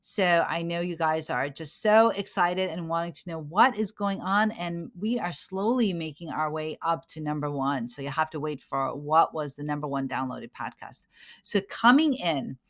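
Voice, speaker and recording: A woman's voice: low voice, lively intonation, normal speed. A woman in her forties hosting a podcast, explaining topics in an upbeat way with frequent fillers. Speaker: podcast host. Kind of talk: podcast countdown and interview chat.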